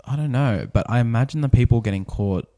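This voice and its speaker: A man's voice: mid-range voice, fast, warm tone, no room sound, clean studio sound. A man co-hosting a podcast, wry and teasing, swearing in casual chat. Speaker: podcast co-host.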